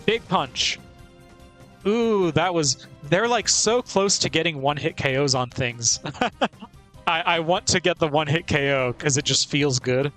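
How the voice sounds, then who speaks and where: A man gives casual gameplay commentary in a slightly high voice, playful and talkative. He laughs easily between thoughts, and faint game music plays underneath. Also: animated, measured pace, a bit bright. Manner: chatty and playful, laughs often. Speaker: streamer.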